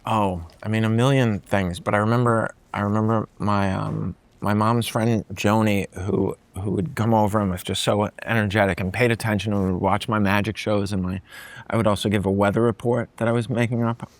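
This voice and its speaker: A man in his forties from Massachusetts, speaking as a guest comedian in loose, halting conversation that keeps circling back on itself. His voice sits fairly low, and the recording is dry and close. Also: steady tone, no echo. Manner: halting, restarts phrases, chuckles. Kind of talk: casual conversation.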